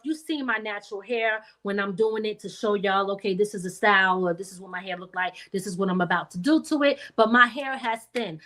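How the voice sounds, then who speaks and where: Chatty high-voiced middle-aged woman host. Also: fairly bright tone. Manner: chatty, direct address with folksy asides. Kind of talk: casual chat.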